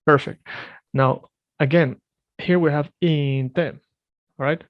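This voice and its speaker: A man with a gravelly voice teaches a one-on-one language lesson, correcting his student firmly. He drills each word slowly and repeats it. The sound is dry and close, as on a video call. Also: a little high, steady tone, no room sound, highs cut off. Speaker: Swedish teacher.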